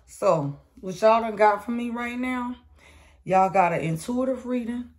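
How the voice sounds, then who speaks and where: A woman's voice: a little high, measured pace, darkish tone. A woman doing a casual collective tarot reading, talking bluntly with slang and profanity and calling listeners sweetheart. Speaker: tarot reader.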